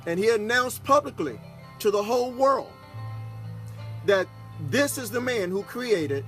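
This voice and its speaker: A pastor and broadcast host with Texas roots tells a personal story, his high-pitched, animated voice a bit bright and a little slow. He keeps things folksy and casual, often pausing to ask the audience "okay?" Faint music runs behind him.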